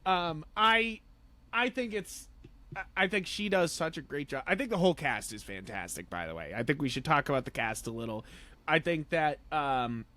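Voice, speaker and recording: A man co-hosting a podcast, chatting about a film in an excitable, rambling way with many fillers and restarts. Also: fairly high pitch, moderate pace. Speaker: podcast co-host. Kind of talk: casual film review chat.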